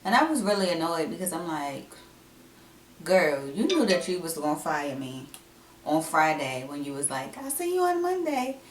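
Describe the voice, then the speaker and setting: A young woman, talking candidly to camera at home in a chatty, animated way. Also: low-pitched, normal speed, a little hiss or hum. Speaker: vlogger. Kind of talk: casual vlog talk to camera. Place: at home indoors. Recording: echoey room, mic at a distance.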